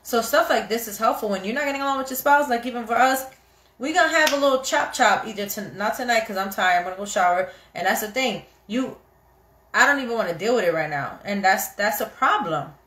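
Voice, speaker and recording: A woman hosting a casual live chat about marriage, animated and chatty, often acting out what people say. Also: fairly high pitch, brisk. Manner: animated, chatty, quotes people in little acted voices. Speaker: host of a live chat for couples. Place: home, kitchen nearby. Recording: echoey room.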